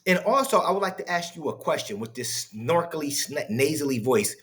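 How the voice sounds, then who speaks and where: A man's voice: fairly high pitch, lively intonation, fairly quick, a bit bright. A man hosting a reaction commentary, mocking and incredulous, heated and profane as he talks back to a clip. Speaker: commentary host reacting to clips.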